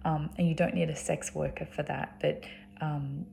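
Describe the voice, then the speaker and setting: Low gravelly Australian woman rambling. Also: level tone, normal speed, mellow, slight background noise. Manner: frequent ums and restarts, chatty. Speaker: vlogger. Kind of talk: rambling casual talk.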